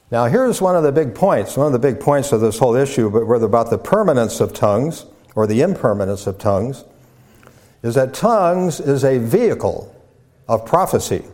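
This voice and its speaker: A man, a pastor, delivering a teaching sermon in a measured way, with fillers and repeated words as he builds his points. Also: mid-range voice, darkish tone. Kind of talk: sermon lecture.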